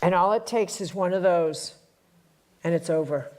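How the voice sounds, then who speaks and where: A woman's voice: lowish voice, normal speed, a little mellow. A woman from the Chicago area teaching a live spiritual workshop to an audience. She talks bluntly and repeats her lines for punch.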